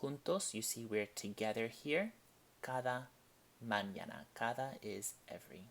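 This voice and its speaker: A man leads a language lesson at an unhurried, measured pace. His pitch sits in the ordinary middle range for a man. He explains each point deliberately and reads out example sentences with care. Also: lively intonation, vocal fry, slight background noise. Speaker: Spanish teacher. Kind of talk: classroom-style language lesson.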